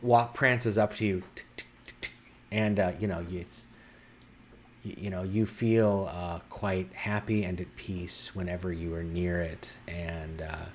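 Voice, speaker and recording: Male game master, lowish voice, halting tabletop narration. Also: steady tone, a little hiss or hum. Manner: halting, many fillers and restarts.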